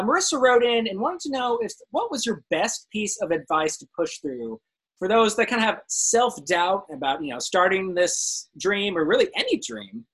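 Husky-voiced male panel host. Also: high voice, fairly bright tone, poor audio. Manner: friendly moderator reading audience questions. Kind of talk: interview moderating.

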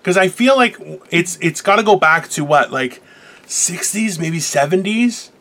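Man, podcast co-host, video call, swears a lot, opinionated rants, high pitch, bright tone. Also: measured pace. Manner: profane, opinionated, animated rants. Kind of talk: casual podcast chat. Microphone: remote video call.

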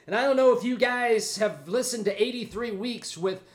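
High-voiced man rambling on his podcast. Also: moderate pace. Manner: rambling, jokey, self-mocking. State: out of breath. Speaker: podcast host. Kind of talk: casual solo podcast chat.

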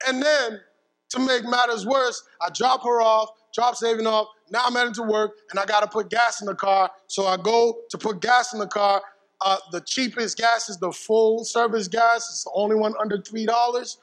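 Male preacher, high-pitched, animated storyteller at the pulpit, casual and slangy. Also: normal speed, in a large hall, rough recording. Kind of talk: sermon with a personal story. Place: church pulpit.

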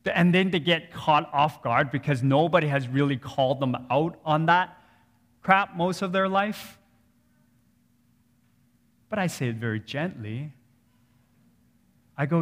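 Pastor, man, 30s; slow, conversational sermon delivery with repetition and dynamic swings; reverberant church room. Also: fairly high pitch, a bit bright. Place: church sanctuary.

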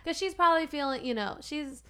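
A woman's voice: sits high, a crowd in the background. A woman co-hosting a podcast, listening closely and chiming in casually. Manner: engaged listener, quick reactions. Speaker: podcast co-host. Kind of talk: casual chat.

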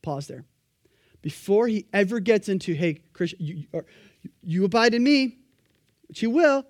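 A man preaching a sermon, animated and emphatic, acting out the voices of the people he quotes. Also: high voice, moderate pace, no room sound, studio quality.

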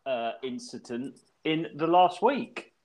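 An Englishman in his thirties co-hosts a podcast, rambling through an animated story in casual chat and swearing freely. His voice is fairly high, and he takes it slowly.

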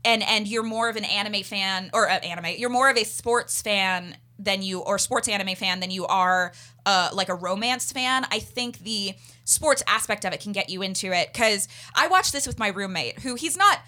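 Bright, bouncy woman podcast host. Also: medium pitch, normal speed. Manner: rambling, animated, laughs often. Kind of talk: casual podcast review chat.

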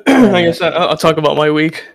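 A man's voice: a little high, animated, moderate pace, no room sound. A man telling a rambling story in casual podcast chat, full of restarts.

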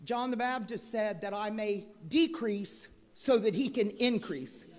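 A woman's voice: mid-range voice, unhurried. Fervent woman preaching in an echoing church. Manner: fervent, swings from chatty asides to loud preaching. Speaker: guest preacher. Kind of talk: sermon. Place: church sanctuary. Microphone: handheld microphone. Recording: long hall reverb in a church.

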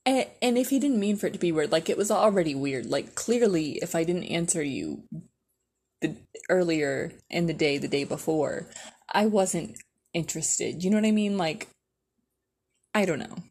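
Young woman podcaster rambling through a story, lowish voice, says like constantly, swears a lot. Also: animated, moderate pace, a little mellow, breathy edge. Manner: chatty, filler-heavy with constant "like", profane. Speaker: podcast host. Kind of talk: casual storytelling.

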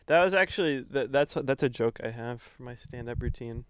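A man's voice: brisk, no echo, clean studio sound. A young man co-hosting a podcast, rambling through a long story in casual chat. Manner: rambling storyteller, lively swings in pitch. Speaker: podcast co-host.

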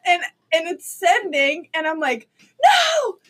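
A high-pitched young woman hosts a casual talk show. She tells stories with animation, acts out quotes and laughs often. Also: animated, normal speed, a bit bright. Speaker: host. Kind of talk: casual chat.

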